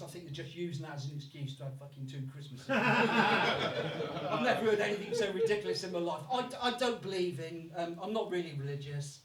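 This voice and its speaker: This comedy set comes from a male Brummie comic with a slightly high voice, recorded from a distance in an echoey live club. He swears freely and puts on voices for accents.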